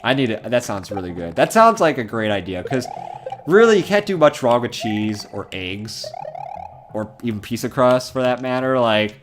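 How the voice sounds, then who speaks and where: A man's voice: mid-range voice, lively intonation, moderate pace, music in the background. A young man streaming a game from home, chatting casually, rambling and laughing as he reads chat comments aloud.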